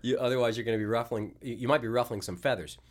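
A voice actor guests on a casual podcast interview, talking rapid-fire in a steady, mid-range voice. His delivery is loose and rambling, full of restarts, and he laughs at his own stories.

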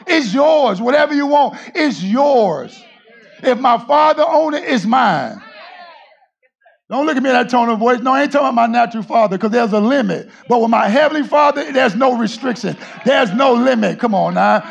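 A male pastor preaching a sermon, often shouting to his congregation and calling on them to answer. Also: extremely high pitch, lively intonation, moderate pace, gravelly.

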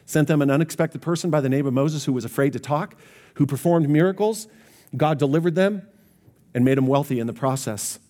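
Pastor, man, slightly high voice, earnest sermon delivery straight to the congregation. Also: a little fast, dark tone. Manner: earnest, direct address to congregation.

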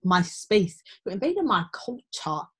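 A woman's voice: measured pace, slightly rough. A young woman, chatting casually and telling stories, often acting out other people's voices. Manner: animated storytelling, acting out quoted people in high voices. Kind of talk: casual chat.

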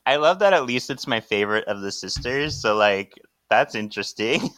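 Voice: mid-range voice, animated, moderate pace, a bit bright, dry recording. Giggly chatty podcast co-host. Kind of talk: casual chat, reading a comic aloud.

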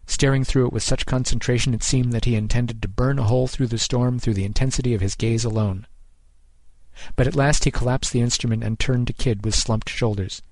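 A man giving measured, scripted narration of a short story, close on the mic. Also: medium pitch, a little mellow, no room sound.

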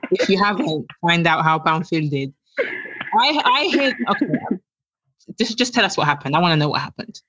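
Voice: medium pitch, expressive, moderate pace, bright, forceful tone, a little hiss or hum. A podcast host chatting casually and eagerly drawing out the guest's story. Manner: eager, prompts the guest, reacts with laughs and gasps. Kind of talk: casual chat. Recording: slightly dull, lo-fi sound.

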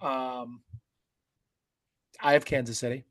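A man co-hosting a sports podcast, leading the game preview in a relaxed, conversational way. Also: mid-range voice, slow pace. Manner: relaxed and conversational, says "like" and "uh" a lot. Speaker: co-host running the game preview. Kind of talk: casual sports podcast chat.

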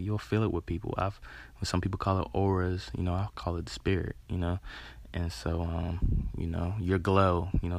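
A man giving a rambling, earnest motivational talk, filling pauses with "you know" and swearing casually. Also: low voice, creaky, a little mellow, dry recording.

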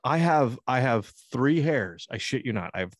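A man's voice: mid-range voice, expressive, normal speed, no echo, studio quality. A man co-hosting a podcast, telling stories in a casual, profane, laughing way. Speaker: podcast co-host. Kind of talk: casual banter.

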